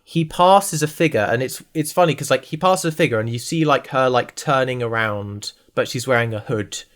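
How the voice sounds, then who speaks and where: Podcast co-host, male, English, average pitch; loose, jokey, tangent-prone chat. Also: moderate pace. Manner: rambling, lively, full of asides and jokes. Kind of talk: casual chat recapping a TV series.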